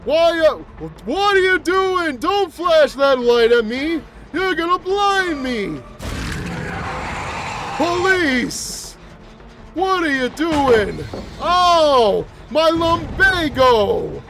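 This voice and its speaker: Man putting on a creaky-pitched, slow, grumbling old monster who rambles and complains about everything. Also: very animated, noisy background, full character voice. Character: cranky rambling old man, a mutated flower-headed monster. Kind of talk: gameplay roleplay commentary.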